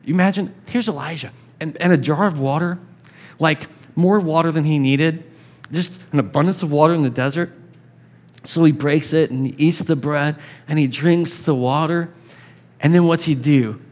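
A man preaching a sermon in a conversational, animated way, acting out little voices as he tells the story. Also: a little high, moderate pace. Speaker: pastor.

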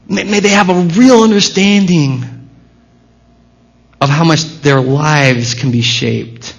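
Male pastor with a somewhat high, raspy voice, preaching in a direct, conversational way, captured on a muffled lo-fi church recording. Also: slow pace. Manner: conversational, emphatic preaching, addresses the congregation directly. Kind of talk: sermon. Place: church service. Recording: dull lo-fi sermon recording.

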